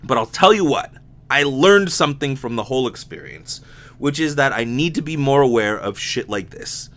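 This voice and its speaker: A young man with a slight lisp from sore wisdom teeth hosts a casual solo podcast. He rambles candidly, swears freely and restarts his sentences often, in a voice of ordinary middle pitch. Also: lively intonation, normal speed, fairly bright tone. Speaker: podcast host.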